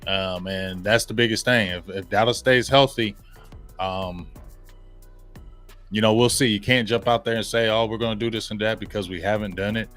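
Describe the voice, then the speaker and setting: A man hosting a sports podcast, talking in a casual, slangy, animated way and laughing often. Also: fairly low pitch, normal speed, faint music behind. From Ohio. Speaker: podcast host.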